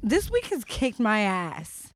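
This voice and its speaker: A young woman co-hosting a podcast, telling stories in a blunt, profane and animated casual chat. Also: mid-range voice, slow, no echo, studio quality. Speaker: podcast co-host.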